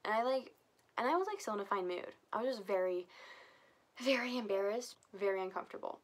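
A woman's voice: mid-range voice, expressive, a little fast. A young woman vlogger telling a casual storytime, chatty and full of filler words. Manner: chatty, heavy use of filler "like".

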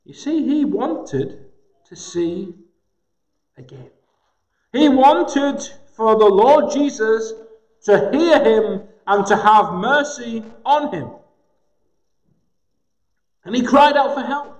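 A man preaching a sermon in a gospel hall, slow and emphatic with dramatic pauses. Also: extremely high pitch, expressive. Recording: echoey hall with long reverb.

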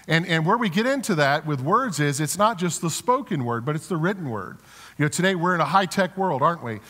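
A man's voice: a little high, lively intonation, a little fast, bright, forceful tone. A man preaching a sermon as pastor, conversational and storytelling, with rhetorical questions and frequent restarts. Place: church sanctuary. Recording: long church hall reverb.

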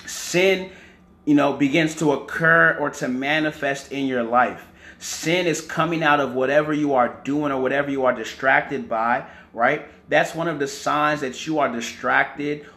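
A man's voice: medium pitch, a bit bright, reverberant. A man preaching a teaching sermon, often repeating words and checking in with "right?" and "amen".

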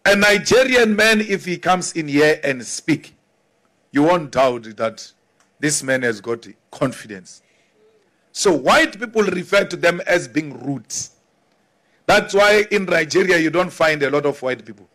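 A man giving a forceful, defiant political speech. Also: fairly high pitch, lively intonation, unhurried. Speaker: politician addressing a crowd.

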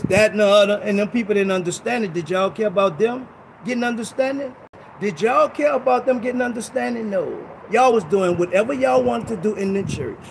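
New pastor guy, high voice, preaching street-style, calls folks out, faint noise behind. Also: vocal fry, rough recording. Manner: confrontational, rhetorical, heavy street vernacular. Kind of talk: informal street-style sermon.

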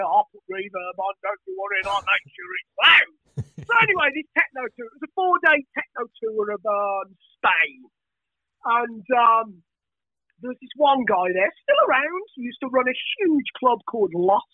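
A middle-aged Birmingham man, very high-pitched for a man, talks as a guest in a rambling, hyper flow, swearing freely. His voice comes through a tinny, phone-like line. The sound is dry and close, with no room around it. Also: no echo. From England. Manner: hyper, rambling, swears a lot, frequent laughs. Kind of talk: casual storytelling chat.

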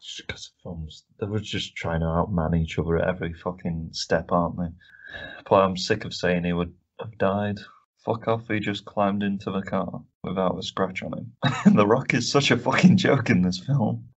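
On a casual film review podcast with dull lo-fi audio, this co-host rants, swears often and laughs a lot. His voice sits low with a breathy edge, at a moderate pace.

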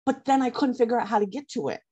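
A woman's voice: a little high, fast, warm tone, slightly rough. A woman chatting on a video call, enthusiastic, with fillers trailing through her stories. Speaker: guest. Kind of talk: casual video-call chat.

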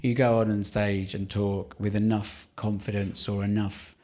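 A man in his fifties with a Surrey home counties accent talks in a fairly low voice. He tells wry, rambling stories on a theatre stage, breaking off and restarting his sentences as he goes. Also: level tone, a little slow, darkish tone. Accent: English, Surrey home counties. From England. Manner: rambling, self-interrupting, wry. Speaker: stand-up comedian, guest. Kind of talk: live podcast interview, anecdotal storytelling. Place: theatre stage before a live audience.

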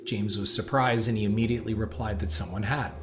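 A man with a fairly low voice narrates a horror story in a measured, dramatic way. A steady hiss of background noise runs under the recording. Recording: noisy hiss behind voice.

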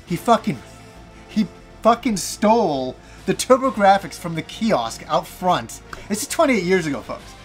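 A high-pitched man in his forties tells a rambling personal story on his gaming channel. He talks in an animated, self-mocking way and swears freely. Faint music plays behind him. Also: a little slow. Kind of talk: casual storytelling monologue.

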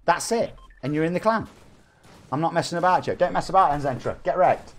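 A man in his forties from England, speaking with a Nottingham accent, chats and banters while live-streaming a game, reading chat aloud and joking around. His voice sits a little high and moves fairly quickly. There's a faint hiss or hum on the recording.

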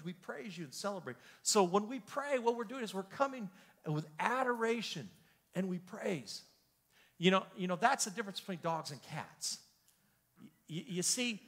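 A man pastor teaching a Bible study in an animated, joking way, with frequent exclamations and repeated words. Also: sits high. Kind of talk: lively sermon-style teaching. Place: church hall.

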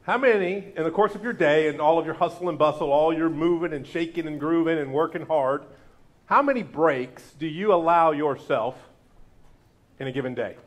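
A man delivers a sermon as pastor, his voice sitting a little higher than most men's. He keeps it lively, trading jokes with the congregation, asking them questions and urging them to say lines back to him. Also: moderate pace. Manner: lively, joking banter with the congregation; asks the audience questions and urges them to repeat after him.

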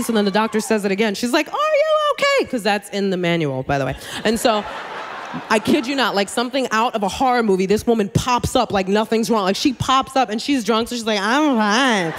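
Animated New woman telling stand-up. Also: on the high side, noisy background. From New York City. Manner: animated, chatty, full of asides. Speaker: stand-up comedian. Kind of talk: stand-up comedy storytelling. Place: comedy club stage.

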